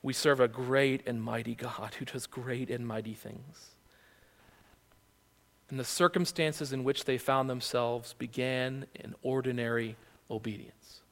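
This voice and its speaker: A male pastor preaching a sermon, retelling the text with animated storytelling and rhetorical questions, in a long-reverb hall. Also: mid-range voice, a little slow, creaky.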